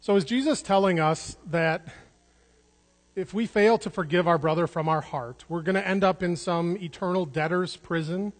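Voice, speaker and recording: A man's voice: high-pitched, normal speed. A man preaching a sermon in an earnest way, restarting words and repeating phrases for emphasis. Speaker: pastor. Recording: long hall reverb.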